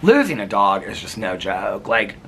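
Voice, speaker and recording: A man vlogging in a casual storytelling voice, rambling and animated, with lots of fillers. His pitch jumps around a great deal and his tone is bright. A faint hiss of background noise sits under the recording. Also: moderate pace, vocal fry.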